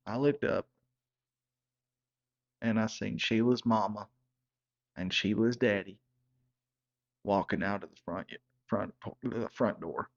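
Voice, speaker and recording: A man telling a comic story in a folksy, deadpan manner. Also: lowish voice, slow, vocal fry, pauses often. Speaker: comedic storyteller. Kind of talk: comedic character monologue. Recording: slightly dull lo-fi sound.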